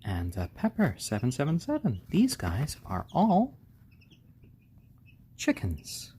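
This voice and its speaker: A man hosting a casual live stream, talking gently and fondly to his baby chicks and thanking viewers. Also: medium pitch, wildly swooping pitch, slow pace, slight background noise. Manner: gentle, doting, talks softly to the chicks.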